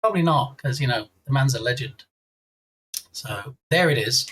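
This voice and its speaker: A man's voice: mid-range voice, animated, moderate pace, a bit bright, breathy edge, poor audio. An English man streaming live with a slight frog in his throat, chatting casually and reading out and thanking viewers' chat messages. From England. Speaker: game dev streamer.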